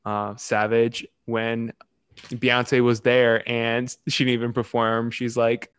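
A young man co-hosting a podcast in casual chat, talking in quick, animated bursts and laughing often. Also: mid-range voice, smooth, dry recording. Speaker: podcast co-host.

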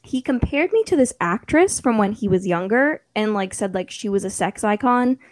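A young woman in casual chat, telling a story with lively acted-out quotes and frequent laughter. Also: medium pitch, normal speed, no echo. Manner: animated storytelling, acts out quotes, laughs often.

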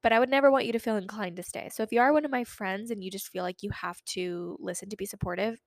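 She talks fast at a medium pitch, a young woman in her twenties hosting her own podcast in a rambling, chatty style full of fillers. The sound is clean studio quality with no echo.

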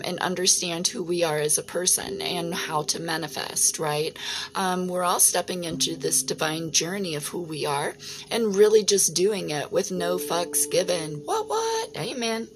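Low-pitched woman, casual spiritual reader with a salty tongue, clear music bed underneath. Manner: frequent "right?" tags, swears casually. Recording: music playing behind.

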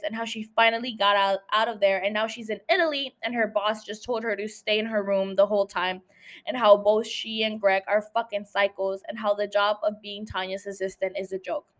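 Woman podcaster doing a casual episode recap, swears a lot, laughs easy. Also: mid-range voice. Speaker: podcast host.

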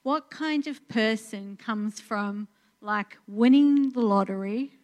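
Woman, sermon, earnest, conversational, fillers and restarts, middle pitch. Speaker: preacher. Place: church in Portugal.

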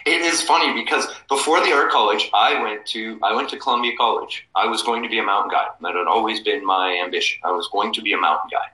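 A man in his forties with a very bright, sharp voice tells stories in a casual interview. He acts out the people he quotes with lively swings in his voice. The room around him sounds echoey. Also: lowish voice. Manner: animated anecdotes, acting out quoted people. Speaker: guest, cofounder of a map company.

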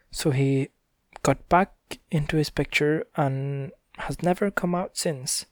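Gentle man reading a bedtime story. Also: mid-range voice, no room sound, clean studio sound. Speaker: reader.

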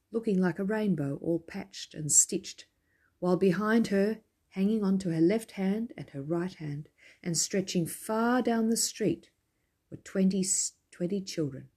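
A woman reading a children's story aloud with gentle, expressive storytelling. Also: medium pitch, unhurried, slightly rough. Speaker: narrator.

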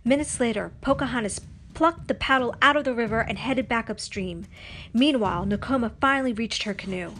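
A woman reading a children's storybook aloud in an expressive, animated way. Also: on the high side, brisk, slight background noise. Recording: faint music underneath.

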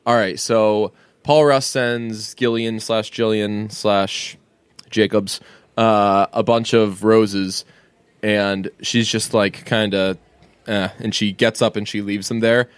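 A man's voice: lowish voice, flat delivery, slow pace, clear, resonant tone, no echo. A man co-hosting a podcast, chatting casually, rambling and swearing, laughing often. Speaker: podcast co-host.

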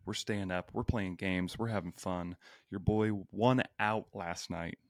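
Deep gravelly dude on a podcast, brash and sweary, dry close sound. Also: male voice, fairly even intonation, unhurried, no room sound. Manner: brash, profane and joking. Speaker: podcast guest, healthcare worker. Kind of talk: casual podcast chat.

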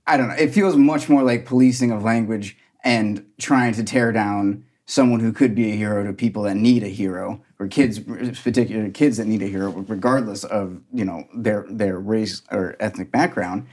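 A man's voice: lowish voice, fairly even intonation, moderate pace, hardly any pauses, darkish tone. A man in a casual sports podcast discussion, making an earnest argument.

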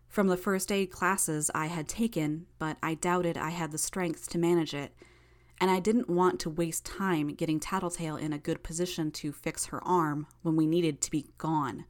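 A woman with a fairly low voice reading a first-person audiobook. Her storytelling is steady and even, carrying the action along without fuss. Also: moderate pace. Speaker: audiobook narrator.

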